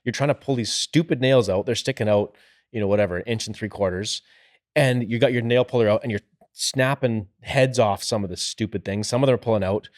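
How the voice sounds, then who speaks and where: Low-voiced man explaining site work. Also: fairly quick, no room sound, clean studio sound. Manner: plain-spoken, explaining with trade terms. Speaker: podcast co-host, builder. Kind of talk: casual chat.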